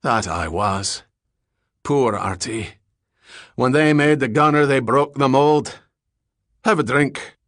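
A man's voice: medium pitch, slow, pauses often, a bit bright, dry recording, studio quality, voice pushed up. A man voicing a big, jovial, drunk Scottish ex-boxer in his forties, with a Scottish accent and a hearty, rolling way of talking. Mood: genial. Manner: hearty, evasive, rolling speech.

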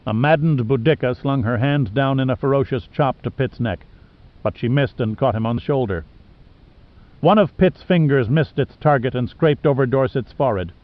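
Guy reading a thriller audiobook, mid pitch, steady, a bit dull sounding. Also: normal speed. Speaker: audiobook narrator. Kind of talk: scripted narration.

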